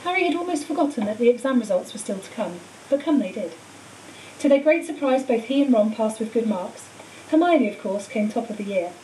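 A woman teacher reading a storybook aloud in a clear, steady way. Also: fairly high pitch, a little fast. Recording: echoey room, far mic, faint hiss.

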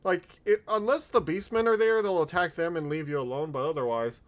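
A man's voice: on the high side, a little fast. Chatty man reacting on stream. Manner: chatty, chimes in with short remarks. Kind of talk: casual reaction chat.

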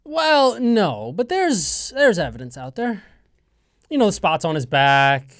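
This college radio sports co-host has a high voice and an unhurried pace. He jokes around in a casual, animated manner, offering strong opinions, firm predictions and absolute statements.

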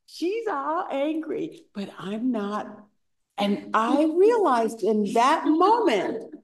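A woman meditation teacher giving a dharma talk at a retreat center, telling stories in an unhurried way and acting out the voices she quotes. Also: on the high side.

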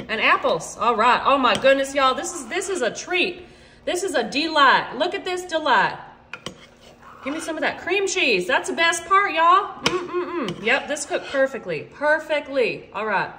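Chatty high-voiced woman cooking. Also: fairly bright tone, slight background noise. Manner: chatty and rambling, keeps calling viewers "y'all". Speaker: home cooking vlogger. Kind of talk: casual cooking demonstration. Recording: echoey kitchen with faint ambience.

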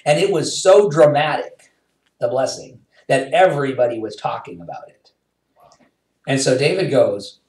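A man's voice: a little high, moderate pace, recorded from a distance. Male pastor, sermon, storytelling preacher, roomy church sound, a bit off-mic. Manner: storytelling preacher, animated retelling with quoted asides.

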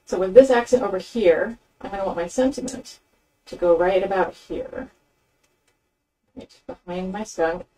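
A chatty woman walks through a craft project step by step, rambling a little and filling her pauses with ums. Her voice is mellow and a bit husky. She sits some distance from the microphone. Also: medium pitch. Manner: chatty, rambling with fillers, narrating her hands-on work. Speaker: craft demonstrator. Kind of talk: casual craft tutorial. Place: craft table indoors.

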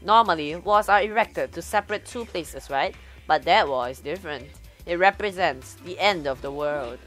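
A woman's voice: fairly low pitch, normal speed, fairly bright tone, faint music behind, natural voice. A woman voicing playful little robot bear cubs in a bouncy, teasing way while reading a game aloud.

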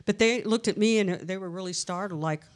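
A woman guest on a live podcast, telling stories in a chatty, animated way and acting out the voices she quotes. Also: mid-range voice, a little fast. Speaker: interview guest, researcher. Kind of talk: casual storytelling interview. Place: live event in a castle venue.

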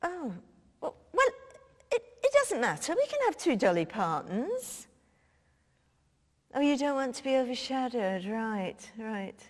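Comic sketch: woman as a cheeky, foul-mouthed minister on the phone, high and bouncy, heavy reverb. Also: big pitch swings, measured pace, pauses often, heavily acted. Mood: breezy. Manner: blunt and swearing, breezy phone chatter. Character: brash, cheeky middle-aged female cabinet minister. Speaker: comedian. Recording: long hall reverb.

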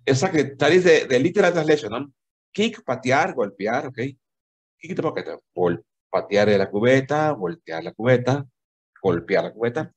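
This is a man teaching English by video call, his voice husky and his pitch lively. Patient and repetitive, he takes explanations slowly, tosses in "okay?" repeatedly, and shifts into Spanish during the online lesson.

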